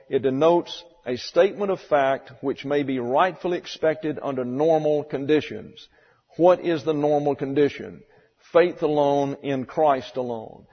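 Brief: male Bible teacher, husky voice, deliberate sermon delivery, dull lo-fi recording. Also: mid-range voice. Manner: methodical, spells out Greek words letter by letter. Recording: dull lo-fi recording with long hall reverb.

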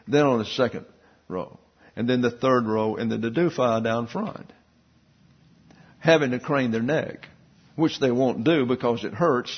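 Husky man preaching a sermon. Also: medium pitch, dull audio. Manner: teaching with asides and rhetorical questions. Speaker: pastor.

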